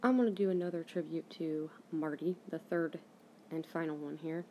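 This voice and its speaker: A young woman with a somewhat low voice hosts her own podcast and tells a personal story in a loose, chatty way. She rambles, restarts sentences and leans on fillers as she goes. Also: steady tone, normal speed, darkish tone, a little hiss or hum. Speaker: podcast host.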